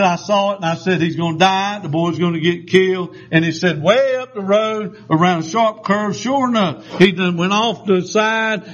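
A man's voice: high-pitched, a bit bright. An older man preaching a sermon, telling stories in a folksy way with many fillers and restarts. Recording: dull lo-fi sound.

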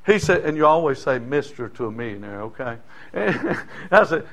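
A middle-aged man preaching a sermon, folksy and storytelling, rising now and then into shouting. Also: mid-range voice, sing-song, moderate pace. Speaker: pastor.

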